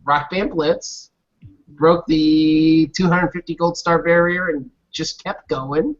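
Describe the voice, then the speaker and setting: A man's voice: fairly high pitch, steady tone. A man co-hosting a gaming podcast in casual chat, hesitant and full of ums. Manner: slow, hesitant, many ums, laughs easily. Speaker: podcast co-host. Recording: dull lo-fi audio with faint music.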